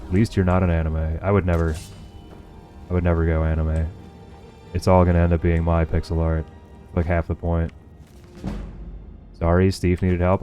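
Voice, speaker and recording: Deep, mellow-voiced sarcastic male streamer. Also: level tone, normal speed, long pauses, soft background music. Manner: profane, sarcastic running commentary to chat. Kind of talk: casual livestream gameplay chat.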